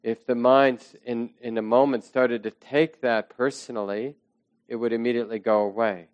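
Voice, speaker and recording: Man, meditation teacher, calm measured talk, dry close sound, mid pitch. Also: smooth, no echo, highs cut off. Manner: slow, reflective, soft trailing phrases. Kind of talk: dharma talk to a class.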